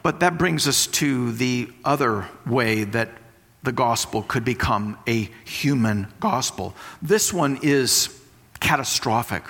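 Lively male preacher in a reverberant hall. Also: mid-range voice, slow. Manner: teaching with everyday comparisons, repeating key phrases. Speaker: pastor. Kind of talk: sermon.

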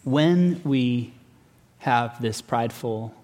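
A man preaching a sermon in an earnest, measured way, slowing down to stress key words. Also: mid-range voice, darkish tone. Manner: earnest, measured, slows for emphasis. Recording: long hall reverb.

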